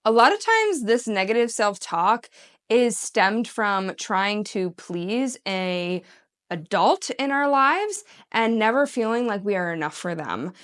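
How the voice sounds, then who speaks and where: A woman talking to camera as a self-help coach, earnest and encouraging, who slips into bright mock-cheery voices when she quotes herself. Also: mid-range voice, sing-song, slow pace. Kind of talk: casual talk to camera.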